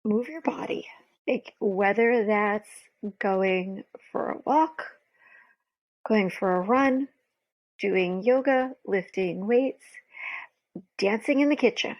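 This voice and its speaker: A woman's voice: mid-range voice, takes it slowly, long pauses. A woman guest on a podcast, talking candidly and emotionally with many fillers. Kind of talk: casual conversation. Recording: dull lo-fi sound.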